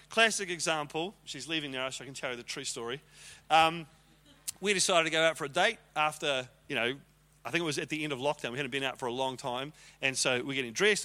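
A man's voice: on the high side, bright, forceful tone. A man teaching on leadership in a conversational sermon style, acting out arguments with quoted voices.

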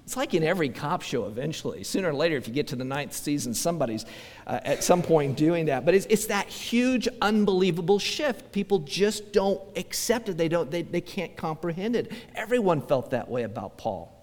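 Male pastor, fairly high voice, chatty sermon delivery with acted-out quotes, church-hall reverb. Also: lively intonation, fairly quick, darkish tone. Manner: conversational preaching, acts out quoted voices, frequent restarts.

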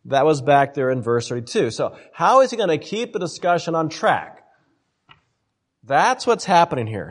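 A man teaches a Bible study in a casual, conversational lecture. His pitch swings widely and expressively as he makes each point. He keeps turning to his listeners with "right?" and repeats points to drive them home.

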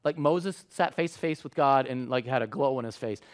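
A man preaching a sermon in a conversational way, acting out quotes with lively voices. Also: medium pitch, brisk. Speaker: pastor.

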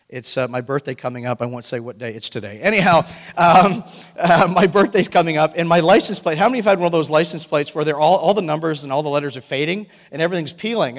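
A male pastor preaching a lively, animated sermon to his congregation. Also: a little high. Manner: animated, breaks into excited shouting and laughter. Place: church sanctuary. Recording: long reverb of a hall.

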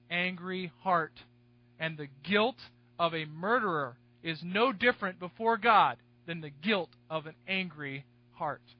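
A male pastor delivering an expository sermon in a fairly high voice. He hammers key words with sudden force, then sinks into quiet, confiding asides. The recording is dry and a little dull, with little sense of the room. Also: no room sound. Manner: emphatic, swinging between loud stresses and hushed asides.

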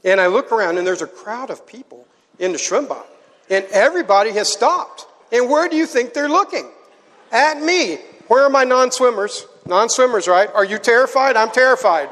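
A man preaching to a live audience, telling a story with animated energy and getting the crowd to join in. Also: extremely high pitch, normal speed. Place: large hall. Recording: hall with long reverb.

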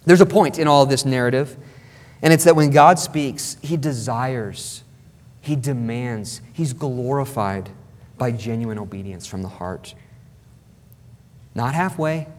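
Man, pastor, sermon, emphatic, repeats key phrases, fairly high voice, long hall reverb.

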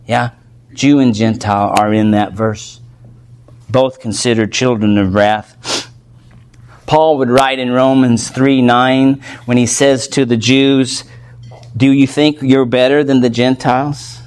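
Male pastor teaching a Bible passage, mid-pitched voice, conversational, builds toward fervor. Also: steady tone, slow, darkish tone, smooth. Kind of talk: expository sermon.

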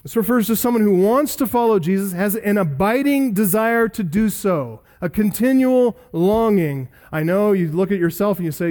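A male pastor preaching an expository sermon, emphatic, building through repeated lists and slowing down on key words. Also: high voice, lively intonation, a little mellow.

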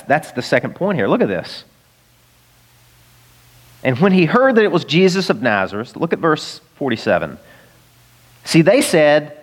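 Pastor guy preaching in church, chatty and animated, voice jumps all over. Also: medium pitch. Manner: animated, conversational preaching with jokes and rhetorical questions. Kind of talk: sermon.

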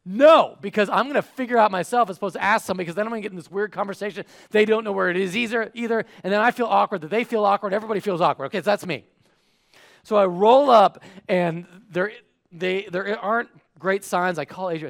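A man's voice: sits high, fast, creaky. A man preaching a sermon, telling a funny everyday story and acting out the voices in it. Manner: animated, acts out voices. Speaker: pastor.

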